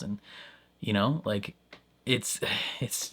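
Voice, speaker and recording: A man's voice: lowish voice, moderate pace, a bit bright. A man giving casual reaction commentary on a show, rambling and full of fillers, often laughing. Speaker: reaction video host.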